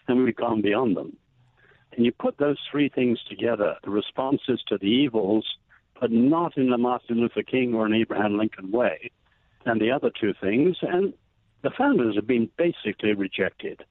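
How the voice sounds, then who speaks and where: Guest over a tinny, dry phone line: a man of middle pitch with a measured, emphatic delivery. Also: no echo. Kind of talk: political conversation.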